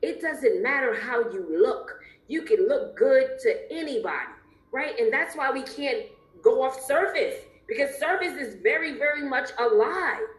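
A woman's voice: high voice, expressive, measured pace. A woman hosting a podcast interview, talking expressively and emphatically and laughing often. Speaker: podcast host. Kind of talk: casual interview chat. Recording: roomy echo.

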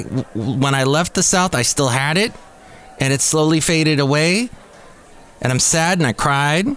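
A man's voice: on the high side, fairly bright tone, clean tone. A man hosting a podcast from a cafe. He talks in a casual, rambling monologue full of jokey, sarcastic asides. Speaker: podcast host.

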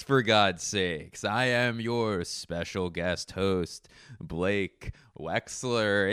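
A man's voice: deep voice, slow pace, fairly bright tone, clear, resonant tone, dry recording, clean studio sound. A man guest hosting a comedy podcast, riffing goofily in an improvised monologue and laughing at his own jokes. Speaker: guest host.

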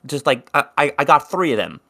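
A man's voice: fairly high pitch, very animated, a little fast, vocal fry, pushed and bright. A man from South Jersey co-hosting a podcast, telling a long rambling story in casual chat and swearing freely. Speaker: podcast co-host.

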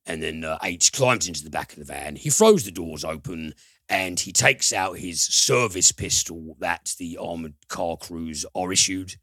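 Deep, bright-toned man chatting about a film. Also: lively intonation, unhurried, no echo, studio quality. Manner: rambling, many fillers, retells scenes with swearing. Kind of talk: casual film review chat.

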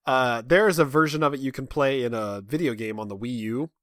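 A man of middle pitch with a bright, forward tone, chatting in a loose, rambling way with frequent laughs. The sound is dry and close to the mic. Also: fairly quick, no echo. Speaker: podcast co-host. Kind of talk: casual chat.

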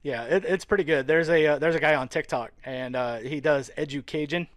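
A man's voice: a little high, fairly quick, no echo, studio quality. A man from the Louisiana area of the US South, co-hosting a podcast, joking and rambling with frequent laughs. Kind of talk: casual podcast chat.

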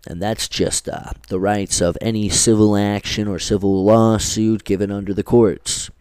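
Rambling low-voiced man reading legal text. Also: steady tone, measured pace, darkish tone, clean tone, dry recording. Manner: rambling with many fillers and restarts; swears casually. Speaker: podcast host. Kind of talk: casual commentary, reading legal text aloud.

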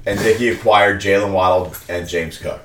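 A man co-hosting a podcast, telling a story with animated, profane energy and frequent laughter. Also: low-pitched, moderate pace. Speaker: podcast co-host, league commissioner. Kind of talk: casual storytelling banter. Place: studio. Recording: echoey room with background noise.

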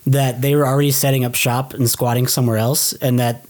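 Speaking briskly in a mid-range voice, a male podcast co-host chats casually through a recap of a TV episode. His retelling is animated, and he performs the characters' lines himself.

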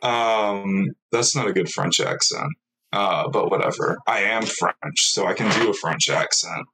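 Rambling young man, slightly low voice. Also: measured pace, pushed and bright, slight background noise, rough recording. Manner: rambling and self-mocking, with many ums and laughs. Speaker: interviewee. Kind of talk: casual interview chat.

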